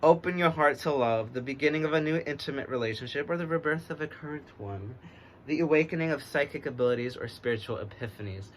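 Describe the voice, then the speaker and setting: An American man reading oracle cards in a relaxed, rambling way, speaking in a put-on English accent that he uses to get through a stutter. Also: a little high, fast talker, slight background noise. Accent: American trying an English accent. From United States. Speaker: oracle card reader. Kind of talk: casual divination reading.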